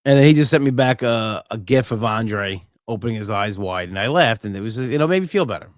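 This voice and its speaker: A man's voice: on the low side, lively intonation, quick pace, no echo, clean studio sound. A middle-aged man hosting his own podcast, talking earnestly and from the heart, often restarting and saying "you know". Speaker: podcast host. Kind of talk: solo podcast monologue.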